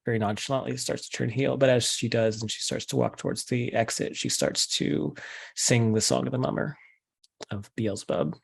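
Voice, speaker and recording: Gravelly man, cold and haughty. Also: mid-range voice, normal speed, no room sound. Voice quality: cold, haughty and disdainful in character. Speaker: player. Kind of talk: playing a character in a tabletop game.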